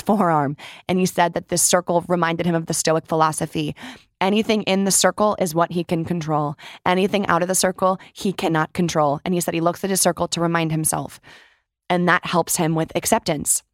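A woman's voice: on the low side, no echo, studio quality. Earnest woman hosting a reflective podcast. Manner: earnest, heartfelt, speaks to listeners as "you guys". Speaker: podcast host. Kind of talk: reflective solo podcast monologue.

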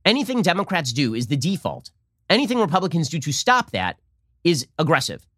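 Rapid-fire sarcastic male podcast host. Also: fairly high pitch, wildly swooping pitch, fairly bright tone, dry recording, clean studio sound. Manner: sarcastic, mocks opponents in put-on voices. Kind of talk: fast opinion monologue.

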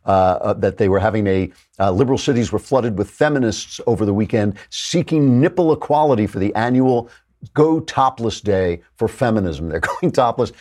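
A man's voice: lowish voice, expressive, moderate pace, mellow. Wry, chuckling male talk show host. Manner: wry, laughing often, mocking asides. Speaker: podcast host. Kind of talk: opinionated talk show monologue.

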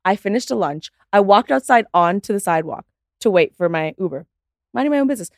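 A woman in her thirties from Canada chats as a podcast guest, rattling off stories at a rapid clip. She mimics other people as she tells them. Her voice sounds close and dry, with no room around it. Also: medium pitch, lively intonation, no echo. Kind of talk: casual podcast chat.

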